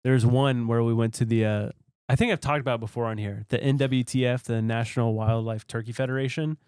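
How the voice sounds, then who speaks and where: A man's voice: medium pitch, fairly even intonation, brisk, a little mellow, smooth, no room sound, clean studio sound. A man co-hosting a podcast, telling stories in a loose, rambling way and laughing as he goes. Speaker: podcast co-host. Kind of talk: casual chat.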